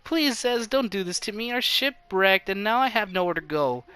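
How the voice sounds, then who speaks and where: A man's voice: sits high, lively intonation, moderate pace, sharp tone, clear, resonant tone, pitched above the performer's own voice. A man doing a whiny shipwrecked pirate girl. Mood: pleading. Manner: whiny, pleading. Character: shipwrecked pleading young pirate woman.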